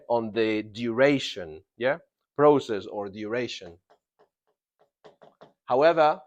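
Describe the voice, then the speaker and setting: A man teaching a grammar lesson to a class in a classroom. He stresses and repeats key words and keeps checking in with the students. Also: medium pitch. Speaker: English teacher.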